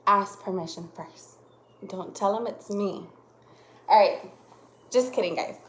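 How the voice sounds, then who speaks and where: A woman teacher giving a lesson to young children, speaking slowly and exaggerating her voice changes to demonstrate punctuation. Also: mid-range voice. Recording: echoey room.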